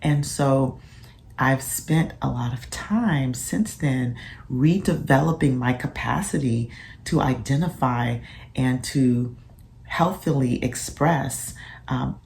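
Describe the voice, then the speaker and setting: A woman with a very low voice and a gravelly edge shares a casual vlog reflection. She is soft-spoken and thoughtful, with frequent pauses. Her tone is mellow and dark. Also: a little hiss or hum. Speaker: physician and mother sharing parenting reflections.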